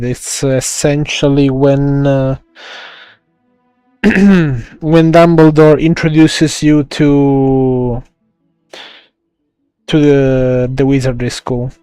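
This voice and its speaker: Slow, mellow Italian-accented streamer. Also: male voice, mid-range voice, clean tone, no room sound, faint music behind. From Italy. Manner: rambling, halting, lots of restarts and laughs. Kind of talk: live game stream commentary.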